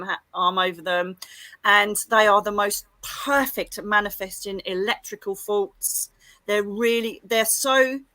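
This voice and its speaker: On a casual livestream, the middle-aged psychic medium guest gushes through her stories with lots of exclamations, her mid-range voice bright and forward. There's no room sound at all; the audio is dry and close-miked.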